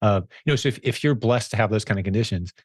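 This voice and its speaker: Male host, low voice, punchy conversational delivery, dry close sound. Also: fast, slightly rough, no room sound. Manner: emphatic, says "dude" a lot. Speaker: podcast host. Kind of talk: casual interview chat.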